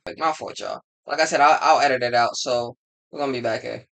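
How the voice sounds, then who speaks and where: A man's voice: mid-range voice, gravelly, fairly bright tone. A man streaming and reacting to a clip, talking in a loose, slangy way and mocking what he hears. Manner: loose, slangy, quick to mock. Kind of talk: casual reaction commentary.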